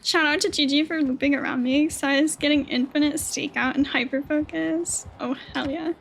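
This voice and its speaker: A woman streaming a game live, chatting with teammates in an excitable way, swearing and squealing. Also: sits high, normal speed, vocal fry, slight background noise. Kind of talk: live gameplay chat with teammates.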